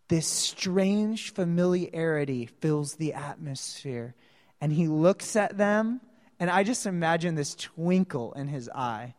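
A woman preaching a sermon, telling the story dramatically and acting out the voices of the people in it. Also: deep voice. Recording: long reverb of a large hall.

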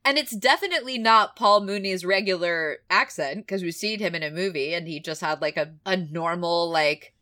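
Bright-voiced chatty woman reviewing films. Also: lowish voice, moderate pace, few pauses. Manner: chatty, laughs often, frequent "like" fillers. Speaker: podcast co-host reviewing films. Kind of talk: casual film-review chat.

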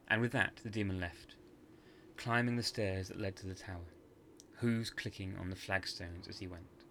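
A man narrating a scripted horror story for a podcast in a measured, hushed dramatic manner. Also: low-pitched, fairly even intonation, creaky, slight background noise.

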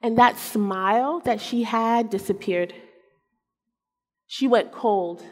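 A woman preacher telling a personal story in a sermon, animated and self-mocking, acting out the people in it. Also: on the high side, slow. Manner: animated, acts out quotes, self-mocking humor. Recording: long hall reverb.

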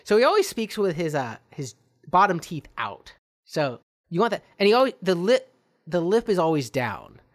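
A podcast co-host, a man, chatting and joking in a lively voice with a wide swing of pitch. He explains things at length and makes fun of himself, recorded dry and close to the mic. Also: normal speed, dry recording. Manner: animated, explains things, self-deprecating. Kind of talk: casual comedy chat.

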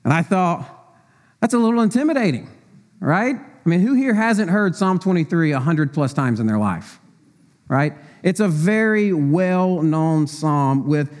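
A man's voice: on the high side, animated, measured pace, a little mellow. A middle-aged man preaching a sermon in church as a deacon, chatty and conversational, asking rhetorical questions with frequent fillers.

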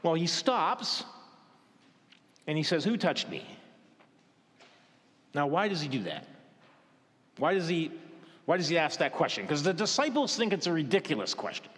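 A male pastor preaching a sermon, asking the congregation questions and dropping to a hush for tender moments. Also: fairly high pitch, very animated. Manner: questioning, dramatic pauses, softens to a hush for gentle moments. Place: church. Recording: reverberant church hall.

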